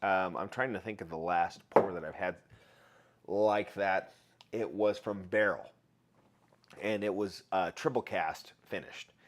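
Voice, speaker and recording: A man's voice: low voice, unhurried, slight background noise. A man hosting a casual livestream, chatting loosely, laughing often and reading out viewer comments. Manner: chatty, laughs often, reads chat aloud. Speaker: livestream host.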